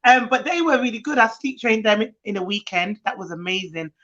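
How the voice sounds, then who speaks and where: A woman nanny and co-host chats casually, spinning animated stories and acting out children's voices. Her voice sits in the mid range and moves briskly. The stream audio is muffled and lo-fi.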